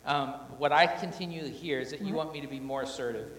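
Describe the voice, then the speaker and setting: Speaking at a quick pace, a man with a fairly bright, high-leaning voice tells an audience candid stories about his marriage at a couples talk, mocking himself and acting out what he and his wife said. The recording has echoey hall reverb and a little hiss or hum.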